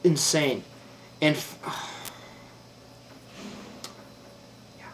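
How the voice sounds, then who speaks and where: A man's voice: fairly high pitch, very slow, fairly bright tone, distant mic. A young man casually telling a story about his service, rambling and swearing, with lots of "like" and "dude". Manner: rambling, profane, full of "like" and "dude". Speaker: former Marine telling a story.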